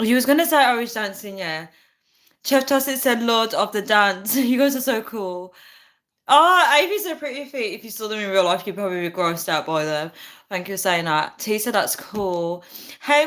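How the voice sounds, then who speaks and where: Chatting on a relaxed livestream, a young woman giggles and reads her viewers' comments aloud. She has a medium-pitched, slightly bright voice, and the room sounds echoey.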